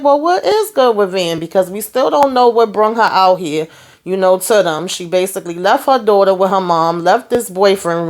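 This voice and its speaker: A woman talks through a TV episode recap in a loose, chatty way. Her voice sits a little low, and she jumps in pitch when she quotes the characters. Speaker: TV review host. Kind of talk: casual TV recap.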